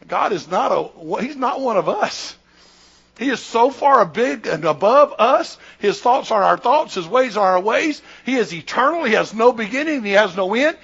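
A man's voice: high voice, animated, normal speed, gravelly, a bit bright, breathy edge, lo-fi sound. A man in his sixties, a pastor preaching a sermon in an emphatic, repetitive, conversational way.

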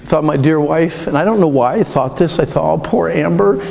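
Gravelly middle-aged preacher in a hall. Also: male voice, a little high, darkish tone. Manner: earnest, emotional, halting storytelling. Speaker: pastor. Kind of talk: sermon with personal testimony. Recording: long reverb of a large hall.

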